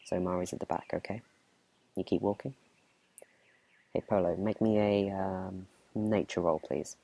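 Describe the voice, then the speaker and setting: A man running a tabletop game as game master, narrating in a relaxed, chatty whispered role-play. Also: deep voice, unhurried, creaky, dry recording.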